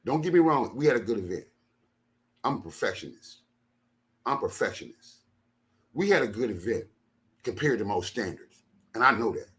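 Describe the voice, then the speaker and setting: A low-voiced minister gives an impassioned talk to his followers, speaking emphatically and repeating phrases. He swings from low, quiet passages to loud bursts.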